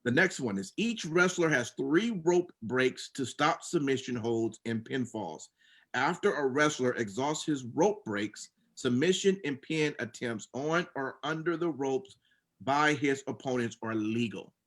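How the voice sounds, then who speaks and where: A man's voice: medium pitch, lively intonation, unhurried, a bit bright. A man co-hosting a casual wrestling podcast, reading rules aloud and then rambling with many fillers and restarts. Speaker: podcast co-host recapping wrestling.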